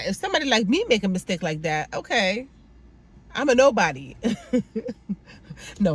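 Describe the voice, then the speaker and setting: Woman, sassy TV recap host, exasperated asides, casual review. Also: mid-range voice.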